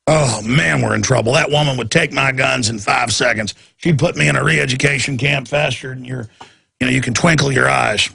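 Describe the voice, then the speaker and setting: A man's voice: mid-range voice, a little fast, gravelly, sharp tone, slightly rough, no room sound. A man hosting a talk show, ranting in a heated, repetitive and sarcastic way. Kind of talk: ranting talk radio monologue.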